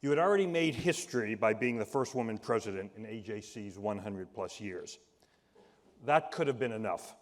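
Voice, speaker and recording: A man with a Boston accent giving a measured, warm tribute speech at a gala, turning fumbling when he improvises. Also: lowish voice, expressive. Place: large event hall. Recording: reverberant hall.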